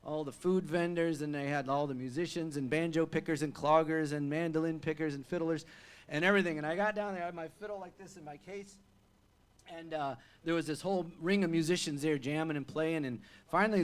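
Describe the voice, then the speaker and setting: A man with a fairly high voice spinning a chatty, animated story between songs at a live venue. He stumbles into restarts and fillers as he goes, acting out the scene with his hands and voice. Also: fairly quick, clear, resonant tone. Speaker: folk singer-songwriter.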